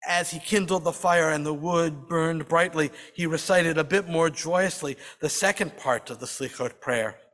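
A man delivers a storytelling sermon at a Sabbath service, unhurried and dramatic, leaning into slow, drawn-out phrases. His voice sits somewhat high, and a long hall reverb trails behind each line. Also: a bit bright.

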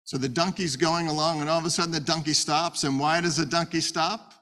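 A man's voice: on the high side, steady tone, brisk, a bit bright. A man teaching a Torah story in a conversational way, asking rhetorical questions as he retells it. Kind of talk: storytelling Bible lesson.

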